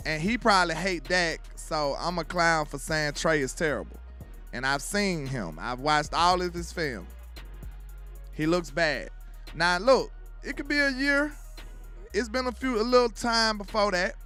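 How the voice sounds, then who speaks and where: A man's voice: a little high, bright, forceful tone. A man from Alabama with a Southern accent hosts casual sports commentary, loose and trash-talking, forever asking if you know what he's saying.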